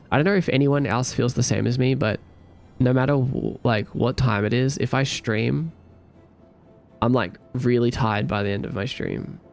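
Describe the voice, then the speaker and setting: Male streamer, fry in the voice, drowsy and rambling as he codes and chats with viewers. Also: medium pitch, slight background noise. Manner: relaxed, rambling, thinks aloud, hums to himself. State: sleepy. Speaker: streamer coding a game. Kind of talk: casual live-stream chat while coding.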